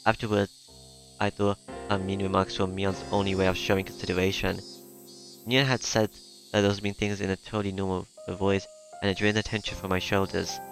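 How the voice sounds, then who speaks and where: A man with a low, level voice reads a story aloud in the first person. He stumbles and restarts now and then. Soft music runs faintly underneath. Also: flat delivery. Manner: halting, with fillers and restarts. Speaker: narrator reading a visual novel.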